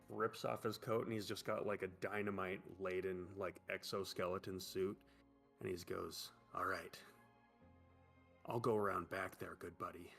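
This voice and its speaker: A game master narrates a tabletop game in a loose, rambling way, piling on fillers. His voice is deep and gravelly, with faint music in the background. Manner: rambling, full of "like".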